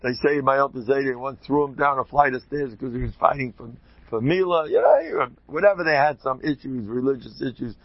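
A man, a rabbi, giving an informal talk to a group, an animated, joking storyteller who sprinkles in Yiddish and Hebrew terms. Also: mid-range voice, a little fast, no room sound, dull audio.

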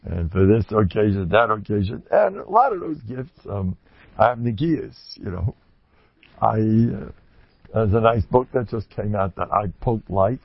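A man giving an informal religious talk, humorous and self-mocking, who suddenly jumps to high exclamations. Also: lively intonation, unhurried, gravelly, dry recording. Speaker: religious speaker. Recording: dull, dry lo-fi recording.

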